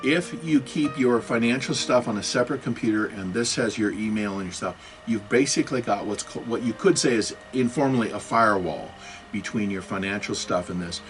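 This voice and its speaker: A man's voice: fairly low pitch, brisk, soft background music, low-quality recording. A middle-aged man giving a casual talk on computer security, with joking, self-mocking asides.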